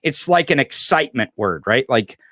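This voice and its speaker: A man co-hosts a casual political chat with a mid-pitched voice, recorded dry and close. He is plain-spoken and halting, often restarting and repeating words. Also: animated, fairly bright tone, no echo.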